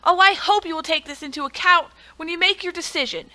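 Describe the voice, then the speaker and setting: A woman's voice: extremely high pitch, a little fast, pushed and bright, voice pushed up. A woman voicing a polite, earnest librarian in a game, speaking formally and pleading.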